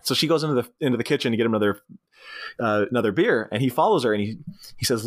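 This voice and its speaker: A man's voice: mid-range voice, rapid-fire. A man co-hosting a podcast, telling the plot of a film in a casual comedic style and acting out its lines in voices. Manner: animated storytelling, acting out movie lines in voices. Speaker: podcast co-host.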